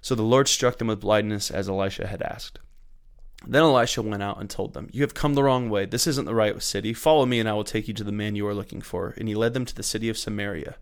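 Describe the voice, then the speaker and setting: A man with a somewhat low voice reads scripture aloud for a daily Bible reading. He keeps a measured, unhurried pace, corrects small slips as he goes, and raises his voice a little for the quoted speakers. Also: fairly even intonation, clean tone. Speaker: church Bible reading host.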